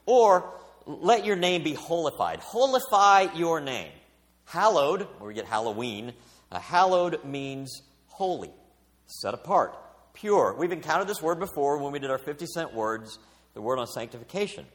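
A middle-aged male pastor delivering a sermon, with expressive preaching and big swings in pitch and volume. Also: moderate pace. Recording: long hall reverb.

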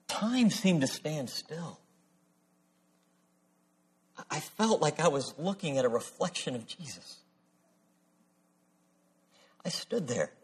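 A man's voice: a little high, husky. A man preaching a sermon, reading scripture solemnly and telling stories from his week. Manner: measured, solemn reading, then animated storytelling. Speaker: pastor. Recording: long hall reverb.

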